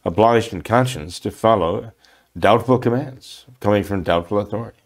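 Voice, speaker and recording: A man's voice: lowish voice, normal speed. An older man, a priest, answering listener questions on a talk program in a hesitant way, with many fillers and restarts.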